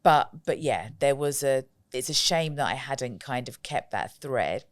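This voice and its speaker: A woman guest on a podcast, telling lively stories in casual conversation, often acting out what people said and laughing. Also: rumbling low, measured pace, no room sound, studio quality. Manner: lively storyteller, acts out quotes, laughs often. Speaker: podcast guest, joy coach. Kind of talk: casual interview chat.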